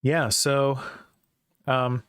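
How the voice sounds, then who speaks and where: A man's voice: mid-range voice, level tone, very slow, fairly bright tone, clean tone, no echo, clean studio sound. A man hosting a livestream to announce contest winners, hesitant and self-conscious, with lots of ums. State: nervous, dry mouth. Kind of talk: casual livestream chat.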